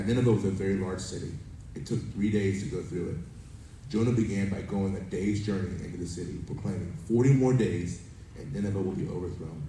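Here a pastor with a deep, mellow voice delivers a sermon, mixing a family story with scripture read in a conversational manner. Faint background noise and a roomy, distant echo color the audio.

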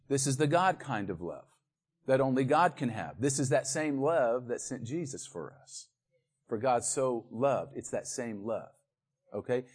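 A man preaching a sermon, building to loud, emphatic peaks and then dropping back to quiet verse-by-verse teaching. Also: mid-range voice. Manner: walks the congregation through scripture verse by verse.

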